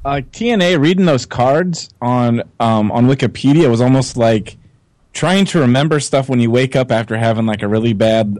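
A man's voice: mid-range voice, normal speed, a little mellow, dry recording. A man on a podcast panel, speaking hesitantly with many fillers. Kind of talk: casual chat.

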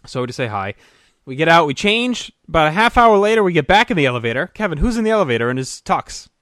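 A man co-hosting a podcast, animated as he tells a story and laughs along with it. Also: on the high side, fast, dry recording, studio quality. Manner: animated, laughs through his own story. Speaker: podcast co-host. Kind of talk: casual storytelling chat.

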